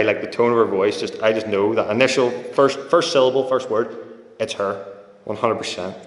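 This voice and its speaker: A man delivers a sermon in a relaxed, conversational way, slipping into stories and acting out quoted voices. His voice sits low, and the church hall around him rings with a long, roomy echo. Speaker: preacher. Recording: echoey hall with long reverb.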